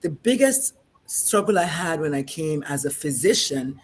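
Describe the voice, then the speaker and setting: A middle-aged woman from Nigeria, a physician and guest, telling stories in a lively conversational way and acting out the voices of people she quotes. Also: deep voice, normal speed, a little hiss or hum. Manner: animated storyteller, acts out quoted voices. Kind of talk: conversational discussion.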